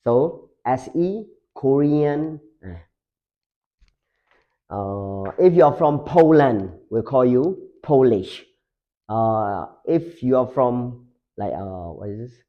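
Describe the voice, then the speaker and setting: Guy teaching slow, lots of uh and like, dull lo-fi mic. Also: mid-range voice, animated. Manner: slow and halting, many fillers, repeats words. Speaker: English teacher. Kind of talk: slow classroom explanation. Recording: dull lo-fi sound.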